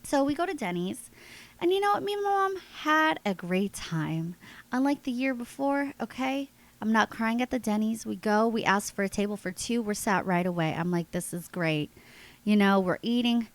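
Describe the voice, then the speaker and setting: A woman's voice: fairly high pitch, moderate pace, rough recording. A woman in her thirties hosts her own podcast, telling a long personal story in a loose, chatty monologue. Her nose is congested, and she laughs easily as she talks to her listeners. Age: 30s. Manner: chatty, animated, laughs often, addresses listeners as guys. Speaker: podcast host.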